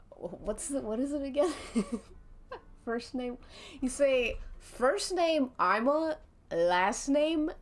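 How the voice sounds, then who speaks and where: A woman streamer telling an interactive story to her chat, giggling often and breaking off to laugh and restart. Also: a little high.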